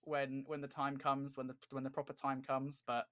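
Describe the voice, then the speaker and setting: A man calls a competitive shooter match in relaxed, joking play-by-play, trading banter with his partner. His voice sits at an ordinary middle pitch, and he laughs easily between calls. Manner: upbeat, jokey, quick to laugh. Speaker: esports commentator. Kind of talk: casual play-by-play game commentary.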